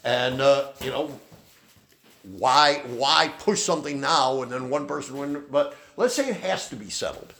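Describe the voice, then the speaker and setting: A man's voice: mid-range voice, animated, unhurried, a bit bright. A man preaching a sermon as pastor, who often ends his points with a questioning "okay?". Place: church.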